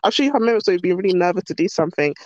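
A woman's voice: fairly low pitch, rapid-fire, lo-fi sound. A woman talking as a podcast guest in casual, bubbly chat that pokes fun at herself. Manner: bubbly, animated, self-mocking.

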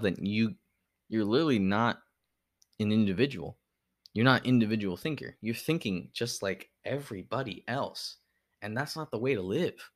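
A man's voice: lowish voice, a bit bright, dry recording, studio quality. A young man hosting a solo podcast, talking earnestly in a rambling way, with lots of "like" and restarts. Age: young adult. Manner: earnest, rambling, heavy use of "like". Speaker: podcast host.

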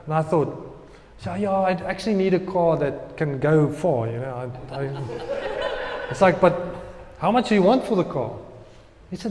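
A young man preaching, telling a personal story in an animated way and acting out his own prayers. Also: on the high side, normal speed, in a large hall. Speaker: pastor.

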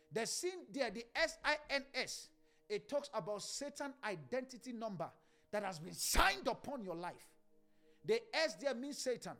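A man leading a fervent prayer sermon, shouting and chanting, breaking into bursts of speaking in tongues. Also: very high-pitched. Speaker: pastor.

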